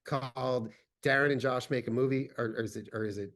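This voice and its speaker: A man's voice: mid-range voice, steady tone, fairly quick, a bit bright. A man hosting a podcast, introducing his guests with enthusiasm. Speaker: podcast host.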